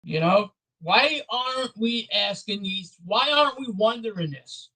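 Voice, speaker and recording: A man's voice: sits high, lively intonation, a little slow, sharp tone, rough recording. A man ranting angrily on his own video, blunt and repetitive. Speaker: vlogger. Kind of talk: angry political rant to camera.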